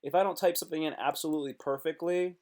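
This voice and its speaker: Guy live streaming at his desk, kinda high voice, chatty, talks to himself and yells now and then. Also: quick pace. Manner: animated, talks to himself and chat, sudden loud outbursts. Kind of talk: casual live stream chat.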